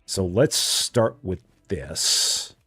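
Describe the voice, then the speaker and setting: A middle-aged man with a low voice that swings up and down a lot talks through a game, muttering to himself and calling out to his chat. Faint music plays behind him. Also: expressive, drawn-out words, sharp tone, husky. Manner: talks to himself, chatty, reads viewer chat aloud. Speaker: game streamer. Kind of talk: casual live gameplay commentary.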